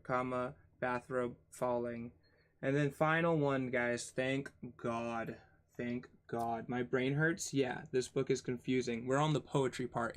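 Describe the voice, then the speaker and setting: A man hosting his channel, reading a textbook aloud in a casual way, spelling out words, tripping over terms and dropping sarcastic, swearing asides. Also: medium pitch.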